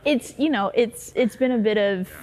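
A woman's voice: fairly high pitch, normal speed, a little mellow, a little hiss or hum. A woman from the American South, a co-pastor, talking casually in an interview with a Southern accent, chatty and often laughing, with many fillers. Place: decorated church.

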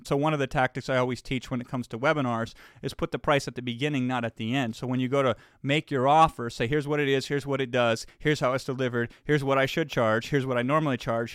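A man of middle pitch talks straight into a close mic in a dry, dead-sounding room. He explains his methods with energy and emphasis and often rattles off phrases in quick bursts. The tone is casual and confident, like a host talking to his viewers. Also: fairly bright tone, no echo. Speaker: marketing speaker and host.

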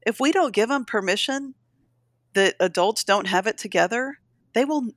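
A woman's voice: a little high, lively intonation, normal speed, dry recording, studio quality. A middle-aged woman talking candidly and emotionally in a casual conversation, encouraging her listeners. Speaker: podcast co-host.

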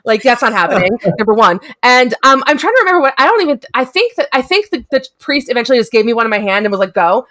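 A woman's voice: fairly high pitch, racing, few pauses. A woman co-hosting a casual podcast, telling a funny story with lots of laughing and restarts. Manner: animated, laughing, many restarts. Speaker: podcast co-host. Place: remote recording, filmed on video call.

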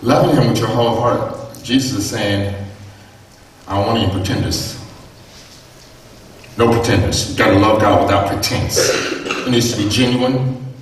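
A man's voice: fairly low pitch, normal speed, pauses often, a little hiss or hum. Male pastor, emphatic sermon delivery, distant mic in a roomy hall. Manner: emphatic preaching with rising repeated phrases and questions to the congregation. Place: church sanctuary. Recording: echoey church heard from a distance.

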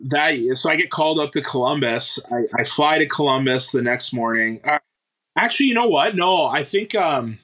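A former hockey player in his thirties from Canada recounts his past in a relaxed interview. His voice is bright and forward. He talks haltingly, full of fillers and restarts, and breaks into laughter often. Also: fairly high pitch, poor audio. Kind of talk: casual interview storytelling.

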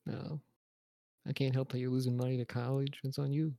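A man's voice: mid-range voice, level tone, fairly quick, gravelly, warm tone, no room sound. A man co-hosting a podcast, teasing his partner in playful banter. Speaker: podcast co-host. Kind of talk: casual chat.

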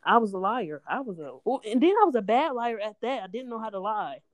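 A woman's voice: a little high, expressive, fairly quick, dry recording. Slangy, laughing young woman, dry close sound. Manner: loose, slangy storytelling with frequent laughs and profanity. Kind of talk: casual chat.

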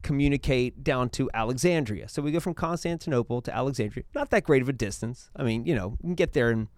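A man giving a casual, lecture-style talk on church history, telling it as a lively story with quick changes of tone. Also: dry recording. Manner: animated storytelling, acts out quotes with shifting pitch.

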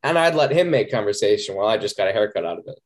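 A man's voice: lowish voice, animated, racing. A man co-hosting a podcast in casual chat, rambling and self-deprecating as he tells stories. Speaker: podcast co-host.

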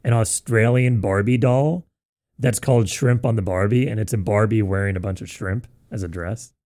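A young man co-hosts a casual podcast with a gravelly, mellow voice. He answers with dry, quick-witted quips. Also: on the low side. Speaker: podcast co-host. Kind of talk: casual chat.

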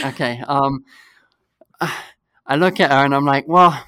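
A man's voice: mid-range voice, moderate pace, long pauses, dry recording. A young man in casual chat, animatedly telling a funny story and laughing through it. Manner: animated, laughs through his story, acts out quoted voices.

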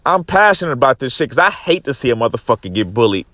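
Talking fast with big swings in pitch, a young man vlogs a story into his phone in a medium-pitched, somewhat bright voice with no echo. He's worked up and swearing throughout, repeatedly addressing his audience as "guys."

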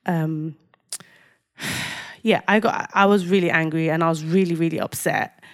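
A woman's voice: low voice, brisk, smooth. A young woman, co-hosting a casual podcast chat and acting out heated exchanges with rising intensity. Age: young adult. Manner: animated, acts out quoted exchanges with rising intensity. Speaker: podcast co-host.

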